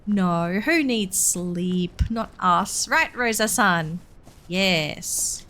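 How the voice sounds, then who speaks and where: A woman's voice: mid-range voice, expressive, very slow, a bit bright. A woman streamer giving casual, chatty let's-play commentary to her viewers. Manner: chatty, addresses viewers, frequent ums. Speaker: streamer playing a horse game.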